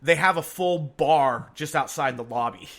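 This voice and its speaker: A middle-aged man hosting a podcast in casual chat, a lively storyteller who laughs often and swears freely. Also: fairly high pitch, normal speed, background noise. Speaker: podcast host.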